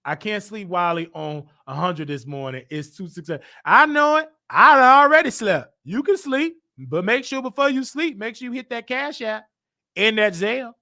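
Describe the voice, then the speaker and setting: High-voiced gravelly man telling church stories. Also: lively intonation, normal speed. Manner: preachy, dramatic, shouting at times. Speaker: show host. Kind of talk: animated storytelling monologue.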